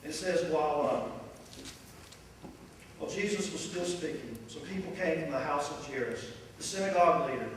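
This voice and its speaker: A male pastor preaching a sermon, telling the story with lively animation. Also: a little high, moderate pace, a little hiss or hum. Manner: animated, storytelling, acts out voices. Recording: echoey hall from far off.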